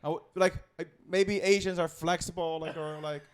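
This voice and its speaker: A man's voice: fairly high pitch, fairly even intonation, normal speed, clean tone. A young man from China with a Chinese accent, chatting as a comedian guest on a podcast in blunt, crude, broken English. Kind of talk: casual podcast chat.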